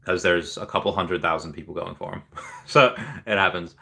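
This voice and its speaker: A man's voice: sits low, steady tone, normal speed, gravelly, sharp tone. A man hosting a casual livestream, reading viewer comments aloud with lots of ums and cheering on the winners. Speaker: livestream host reading chat.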